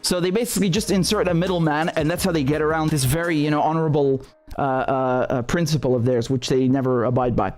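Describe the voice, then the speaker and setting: A man's voice: a little high, fairly even intonation, fast, darkish tone. A man hosting live political commentary, indignant and sarcastic, swearing freely as he rants. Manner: indignant, sarcastic, profane ranting. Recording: faint music behind the voice.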